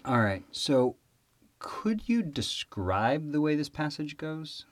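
A man's voice: fairly high pitch, very animated, slow, no room sound. A man hosting a test prep podcast, telling a joke and giggling a lot. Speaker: podcast host. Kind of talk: casual chat and test prep.

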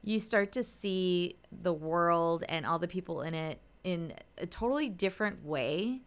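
Smooth-voiced woman telling a story on a podcast. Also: on the low side, a little slow. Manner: animated storyteller, acts out quotes. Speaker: podcast co-host, medium. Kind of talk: casual spiritual podcast chat.

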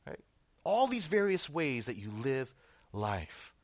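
A man's voice: medium pitch, big pitch swings, slow pace. A male pastor preaching a sermon, emphatic and full of rhetorical questions and repetition.

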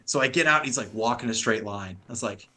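A man's voice: mid-range voice, quick pace, bright, forceful tone. A young adult man on a podcast, telling a long story in rambling, profane, laugh-filled casual chat.

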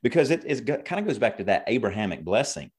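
A man's voice: medium pitch, big pitch swings, fast talker, slightly rough. A man who pastors a church, talking faith in an earnest, preaching way and quoting scripture in conversation. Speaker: pastor and co-host. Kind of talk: conversational ministry talk.

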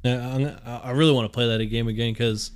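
A young man co-hosting a podcast, talking in a relaxed, hesitant way with casual swearing. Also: mid-range voice, quick pace, clean tone. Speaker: podcast co-host. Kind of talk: casual chat.

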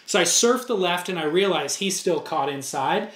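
A man's voice: high-pitched, normal speed. A man co-hosting a podcast, telling a story casually and acting out the quotes with energy. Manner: animated storyteller, acts out quotes. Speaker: podcast co-host. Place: surf museum. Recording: roomy echo.

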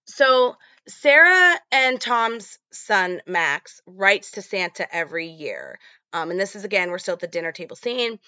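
Chatty woman, bright and dry. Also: medium pitch, sing-song, measured pace, clear, resonant tone, dry recording, muffled recording. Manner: chatty, many fillers. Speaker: podcast host. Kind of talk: casual film recap.

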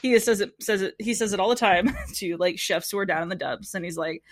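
A woman talks through a TV episode in casual, lively chat, slipping into quick impressions of the people she quotes and laughing along. Her voice sits in a middle register, recorded close and dry with no room sound. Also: mid-range voice, no echo. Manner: animated storytelling, quotes people in put-on voices, laughs often. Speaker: podcast co-host.

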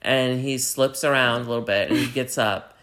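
Man, casual podcast talk, rambling, mid-pitched, fillers, bursts into loud put-on voices. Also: steady tone, moderate pace. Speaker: podcast co-host. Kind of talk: casual retelling of a TV episode.

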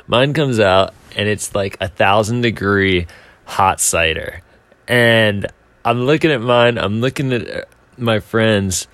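A young man with a fairly low voice tells a story in a loose, rambling way and pokes fun at himself. The sound is dry and close, with little room echo. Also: a bit bright. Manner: rambling, self-mocking, with filler words and restarts. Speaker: speaker telling a timed anecdote. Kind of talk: casual storytelling.

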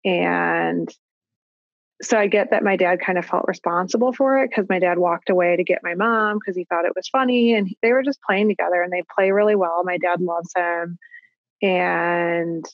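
Low gravelly-voiced woman, reflective. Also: dry recording, lo-fi sound. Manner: reflective, halting with restarts and likes. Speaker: guest parent. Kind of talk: casual podcast conversation.

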